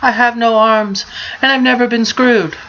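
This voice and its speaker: A woman's voice: a little high, fairly even intonation, normal speed, lo-fi sound, noisy background, pitched above the performer's own voice, lightly acted. A woman voicing a tearful young woman in a spoken joke. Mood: plaintive.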